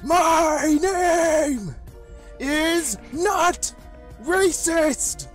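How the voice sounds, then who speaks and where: A man voicing a loud militia captain who shouts pompous announcements through a megaphone in a tabletop game. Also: very high-pitched, lively intonation, very slow, soft background music, voice pushed up, exaggerated voice. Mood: blustering.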